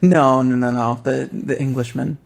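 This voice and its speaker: A man's voice: medium pitch, steady tone, moderate pace, creaky. A young American man co-hosting a comedy podcast, bantering in a dry, theatrical, self-mocking way. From United States. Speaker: podcast co-host. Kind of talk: casual comedic chat.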